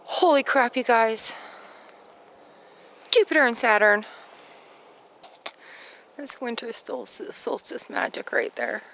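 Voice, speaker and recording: A woman's voice: on the high side, slow, vocal fry, pauses often, a bit bright, slight background noise. A woman hosting her channel, filming outdoors at night and gushing in awe, at times dropping to a whisper. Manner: gushing, awestruck, drops to whispers. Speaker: tarot channel host. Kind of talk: excited outdoor vlog.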